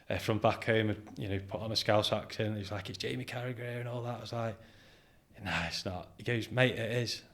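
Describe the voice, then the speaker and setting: Low-voiced British man telling stories. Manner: animated anecdote-telling, acts out quoted dialogue, laughs often. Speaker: podcast guest, business founder. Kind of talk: casual interview storytelling.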